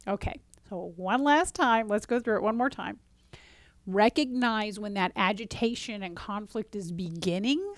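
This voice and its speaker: A woman's voice: medium pitch, dry recording. Relationship coach, woman, conversational, dry close sound. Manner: conversational, often asks "right?"; acts out dialogue in quotes. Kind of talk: casual teaching talk.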